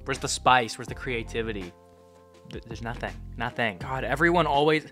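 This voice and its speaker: A man in his twenties reads fan messages aloud in a casual vlog, sarcastic and animated, jumping from muttered asides to sudden yelps. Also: medium pitch, fast talker, soft background music. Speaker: content creator.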